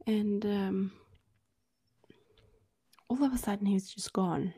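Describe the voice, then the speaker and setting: A woman's voice: medium pitch, steady tone, slow pace, warm tone, slightly rough, no echo. A woman co-hosting a podcast, telling a story in casual chat, with lots of "like"s as she acts out the quoted dialogue. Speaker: podcast co-host.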